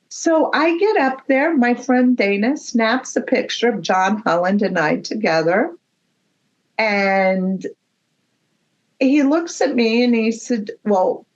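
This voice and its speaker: Woman guest telling a story, slow and lively, voice swoops around, kinda dull lo-fi sound. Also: mid-range voice. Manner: animated storyteller, acts out quoted voices. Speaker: medium, podcast guest. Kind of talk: storytelling in a casual interview.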